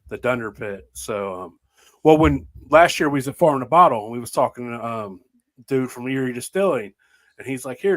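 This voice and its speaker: Laid-back man telling stories. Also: medium pitch. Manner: laid-back, rambling storyteller, laughs often. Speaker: podcast host. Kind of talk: casual chat.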